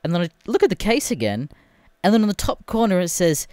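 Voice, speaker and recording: A man's voice: high voice, very animated, fairly quick, a little mellow, no echo. A man, hosting a podcast alone and ranting in a casual, profane, exasperated way. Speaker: podcast host. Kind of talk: casual solo rant.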